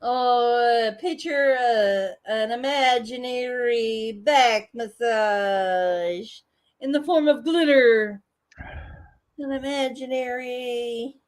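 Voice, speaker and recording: A woman's voice: on the high side, extremely slow. A woman hosting a casual livestream, joking and swearing freely as she chats with viewers. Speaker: livestream host.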